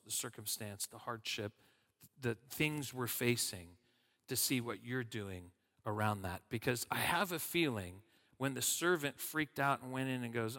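A man's voice: medium pitch, normal speed, pushed and bright, long reverb tail. A man preaching a casual sermon as a guest speaker, chatty with many fillers and restarts. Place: church sanctuary.

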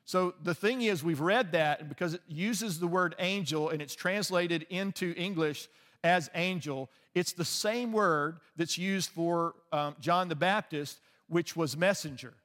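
A man preaches a sermon in an earnest, conversational manner, frequently restarting his sentences. His voice is fairly high and fairly bright, his pace is measured, and the recording carries the long reverb of a large hall.

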